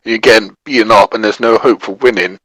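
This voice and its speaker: A man joins a podcast chat with casual opinions that he peppers with curses. His voice is husky and a little rough. It sounds dry and close to the mic. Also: lowish voice, steady tone, fairly quick, bright, forceful tone, no room sound, rough recording.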